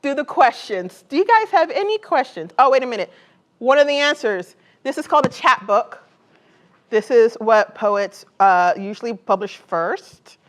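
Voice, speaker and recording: A woman's voice: fairly high pitch, expressive, normal speed. A woman poet reading her work aloud and then chatting with an audience in a casual, joking way, full of fillers like "like" and "um". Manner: laughs easily and jokes with the audience. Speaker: poet and author. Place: college event before a live audience.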